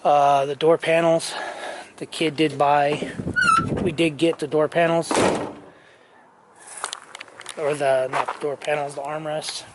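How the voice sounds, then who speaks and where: Slow, rambling man clearing his dry throat. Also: fairly high pitch, little pitch movement, heavy background noise. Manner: rambling, many fillers and restarts. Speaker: truck restoration vlogger. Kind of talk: casual work-in-progress walkthrough.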